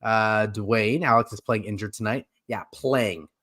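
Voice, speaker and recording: A man's voice: on the low side, unhurried, fairly bright tone. Joking male live-stream host. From California. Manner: jokey, laughing, rambling with fillers. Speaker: podcast host. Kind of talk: casual chat.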